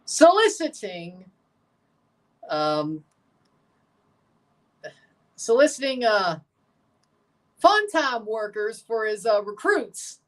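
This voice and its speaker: A man's voice: sits high, big pitch swings, drawn-out words, pauses often, a bit bright, far from the mic. A man from the Mississippi Delta, commenting casually through a livestream watchalong of a match in a jokey, rambling way full of asides and self-corrections. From Mississippi Delta, USA. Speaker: streamer reacting to a football match.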